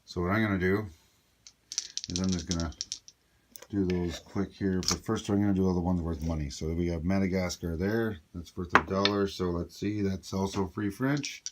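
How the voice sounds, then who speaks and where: A deep-voiced man explains a board game turn by turn in a casual, thinking-aloud way. He drops small asides to himself as he goes. A faint hiss sits under the recording. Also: fairly even intonation, moderate pace. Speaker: board game player explaining a solo playthrough. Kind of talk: casual tabletop game walkthrough.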